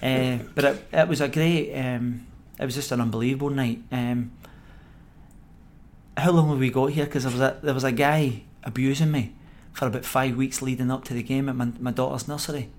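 Scottish guy, middle-aged, ex-footballer spinning yarns on a podcast, laughs a lot, normal pitch. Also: moderate pace, a little hiss or hum. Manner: animated anecdote-telling, acts out quoted voices, laughs often. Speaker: former footballer guest. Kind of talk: podcast interview storytelling.

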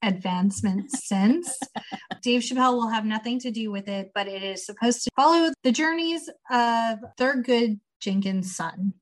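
A woman co-hosting a casual movie podcast, chatty and giggly, often quoting lines in animated voices. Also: on the high side, moderate pace, few pauses, rough recording. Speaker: podcast co-host. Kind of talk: casual chat.

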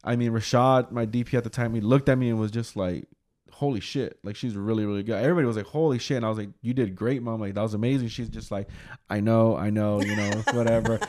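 A man's voice: lowish voice, steady tone, fast, darkish tone. A young man hosting a casual chat, telling a rambling, chatty story with easy laughs.

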